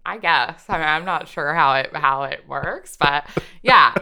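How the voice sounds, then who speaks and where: A woman's voice: low-pitched, a little slow, gravelly, a crowd in the background. A woman co-hosting a podcast in casual chat, playful and giggly, laughing often. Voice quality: giggly, animated. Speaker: podcast co-host.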